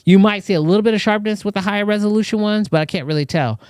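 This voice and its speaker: Male live-show host, high voice, dry close sound, chatty, talks to the audience. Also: racing, clear, resonant tone, no echo. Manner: loose, chatty, talks straight to viewers. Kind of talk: casual live-stream chat.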